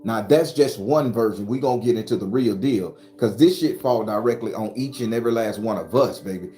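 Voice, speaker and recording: A man's voice: on the low side, fairly quick, dark tone. A man giving an emphatic, profane spiritual talk with a preacher-like cadence, speaking as the channel's host. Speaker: spiritual advisor. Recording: roomy echo with faint music.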